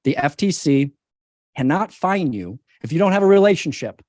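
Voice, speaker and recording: A man's voice: on the high side, big pitch swings, normal speed, a little mellow, no echo. Ceo guy in an interview, punchy and persuasive, hammers points home, dry close mic. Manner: emphatic, persuasive, repeats key points. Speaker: company CEO, interview guest. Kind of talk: business interview answers.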